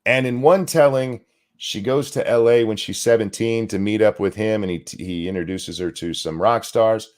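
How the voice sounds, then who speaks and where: A man hosting a ranting commentary show, profane and indignant, talking in fast bursts. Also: lowish voice, darkish tone.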